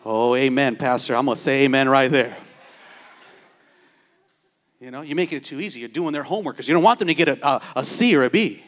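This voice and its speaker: A man pastor delivering a sermon, moving between playful asides and loud, shouting exhortation. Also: medium pitch, a little fast, pauses often.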